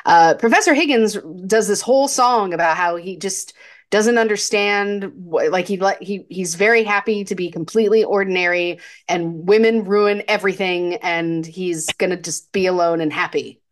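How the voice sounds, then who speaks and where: A woman's voice: medium pitch, moderate pace. A woman co-hosting a casual podcast about a film, talking chattily with laughs, fillers and restarts. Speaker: podcast co-host.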